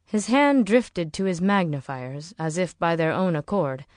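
This is scripted audiobook narration of a novel by a woman whose pitch is fairly low. She keeps a steady, measured delivery, and the studio-quality recording is dry.

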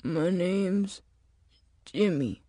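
A woman voicing a badly injured older man who speaks in a weak, strained rasp on the edge of silence. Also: on the low side, extremely slow, dark tone, no room sound, clean studio sound, heavily acted. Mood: fading. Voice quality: strained rasp, near whisper. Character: dying older bearded man, rasping, weak.

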